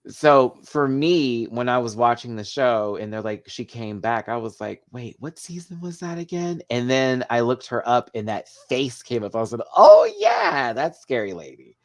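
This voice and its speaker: A man hosts a live review of a TV episode, chatting casually. His delivery is sassy and animated, full of loud exclamations and drawn-out reactions. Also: mid-range voice. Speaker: podcast host reviewing a TV show.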